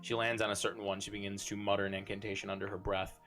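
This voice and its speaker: A man narrating as game master of a tabletop game, halting with many fillers. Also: fairly low pitch, flat delivery. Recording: background music.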